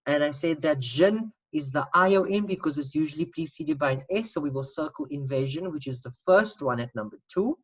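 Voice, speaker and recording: A woman's voice: low voice, animated, brisk, hardly any pauses, breathy edge, lo-fi sound. A woman teacher giving an online spelling lesson, patiently spelling out letters and repeating sounds.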